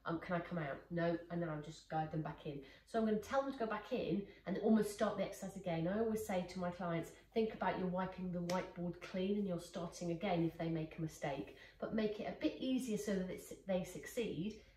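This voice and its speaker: A woman's voice: lowish voice, fairly quick, hardly any pauses, warm tone. A woman, a dog trainer demonstrating exercises in a casual, encouraging way. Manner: praising, encouraging. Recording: echoey room, far from mic, faint noise.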